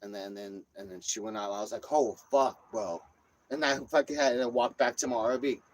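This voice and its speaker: A man vlogging, telling a rambling story full of cursing and lively retelling. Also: medium pitch, fast, rough recording. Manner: rambling, profane, animated retelling. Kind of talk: casual storytelling.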